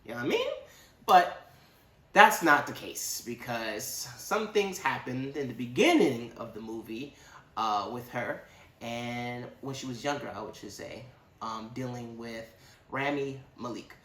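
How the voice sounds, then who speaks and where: A man giving a casual, rambling movie review with animated, slangy asides. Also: mid-range voice, measured pace, echoey room.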